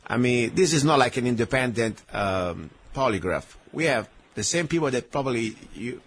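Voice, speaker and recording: Male talk radio host, English, opinionated and animated, mid pitch, faint hiss. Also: normal speed. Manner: animated, opinionated, loose non-native phrasing. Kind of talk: radio interview.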